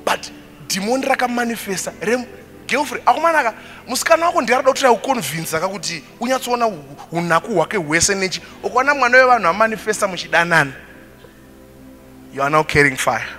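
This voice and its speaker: High bright-voiced pastor preaching. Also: male voice, fast talker, big-room sound, faint music behind. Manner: switches between Shona and English, animated preaching with laughter. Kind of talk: sermon.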